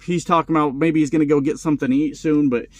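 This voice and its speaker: Profane, high-voiced man telling a story. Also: steady tone, fast, no echo. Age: about 40. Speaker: truck driver vlogger. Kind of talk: casual storytelling vlog.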